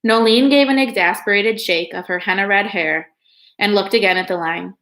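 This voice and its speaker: Woman, storybook reader, calm steady narration, mid pitch, echoey room. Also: normal speed. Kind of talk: reading a children's novel aloud.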